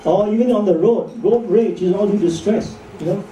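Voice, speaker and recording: A brisk man with a voice that sits high jokes and throws out rhetorical questions during a chatty medical lecture for doctors. The lecture hall recording is echoey and distant, with faint noise.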